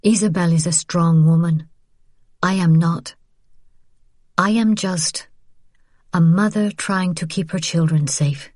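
Tired ashamed mom, quiet and subdued, low voice, a woman reading her. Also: measured pace, pauses often, dry recording, clean studio sound. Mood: weary. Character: weary, ashamed mother shielding her children.

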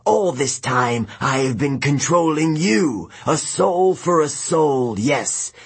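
A man voicing an arrogant old male spirit, a ghost king, in an audiobook, speaking slowly, loudly and with a sneer, with a breathy voice. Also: animated, full character voice. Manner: slow, booming, sneering.

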